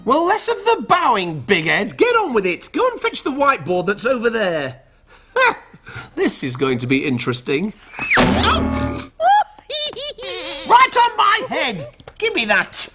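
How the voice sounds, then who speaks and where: A man with a high, very bouncy voice hosts a children's show, scolding his puppets in mock exasperation and breaking into giggles. His pitch leaps all over the place, with music playing under him. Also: wildly swooping pitch, unhurried. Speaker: children's TV presenter. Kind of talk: lively scripted banter with puppets.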